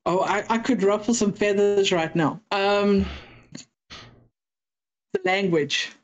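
A woman's voice: mid-range voice, slow, highs cut off. Casting note: South African woman, talkative interview guest who slips into quoted voices. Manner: chatty storyteller, acts out exchanges with quoted voices. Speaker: podcast guest. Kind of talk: casual interview chat.

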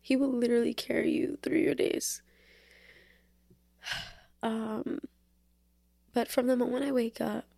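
Slow, gravelly-voiced young woman. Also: fairly high pitch, flat delivery, mellow, no room sound. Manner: chatty, lots of fillers, earnest. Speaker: podcast host. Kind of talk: casual faith talk.

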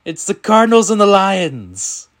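A man hosting a casual college football picks podcast, his voice swinging lively up and down as he calls out games. He sits a little high in pitch and keeps things playful and teasing. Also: unhurried, slight background noise. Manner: animated, playful, running the picks. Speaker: podcast host.

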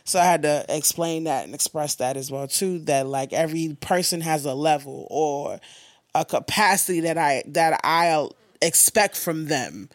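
A woman hosting a podcast, venting in casual chat with blunt, profane and animated talk. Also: sits low, moderate pace, dry recording. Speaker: podcast host.

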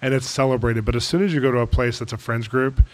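Speaking fast at a medium pitch, this man hosts a podcast interview and relates a story. His telling is lively, swelling with growing excitement.

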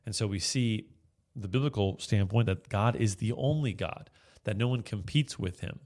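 A man with a notably low voice teaches through a psalm in an earnest, explanatory way. He often restarts his phrases as he thinks aloud. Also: moderate pace, a little mellow. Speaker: Bible teacher. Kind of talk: sermon-style Bible teaching.

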